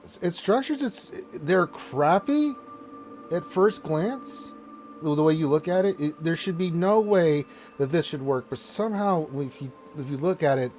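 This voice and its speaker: A man's voice: a little high, a little mellow. A man narrating a tabletop game as game master, rambling with restarts.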